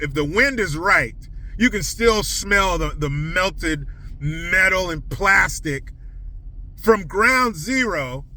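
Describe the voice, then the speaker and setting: A man's voice: high voice, sharp tone, poor audio. A man delivering crude, sarcastic ranting commentary while driving in his car. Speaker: commentary vlogger.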